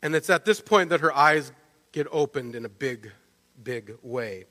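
A man preaching a sermon, telling the story in a lively way and often checking in with "right?". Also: mid-range voice, measured pace. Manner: animated storytelling, with frequent restarts and "right?" asides. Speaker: pastor. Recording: long reverb of a large hall.

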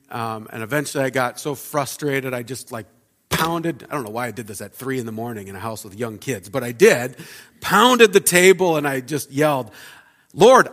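A man's voice: mid-range voice, fairly bright tone. A man in his thirties, a pastor giving a conversational, reflective sermon with frequent fillers in a church. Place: church sanctuary. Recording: long reverb of a church hall.

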